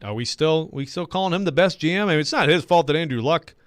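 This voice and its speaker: A man talking sports on the radio in a loose, rambling way, full of fillers and asides. His voice is smooth and resonant, close to the mic in a dry studio with no room sound. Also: on the high side, expressive, quick pace, no room sound. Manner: rambling, self-deprecating, lots of fillers. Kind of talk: casual sports radio banter.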